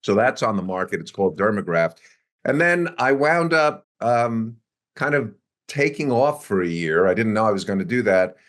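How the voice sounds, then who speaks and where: A man's voice: fairly low pitch, normal speed. A man in his sixties, a guest in an interview, telling a story about his career in a conversational way, acting out the quotes and chuckling along. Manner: animated anecdote-telling with acted-out quotes and chuckles. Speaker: interview guest, biotech executive.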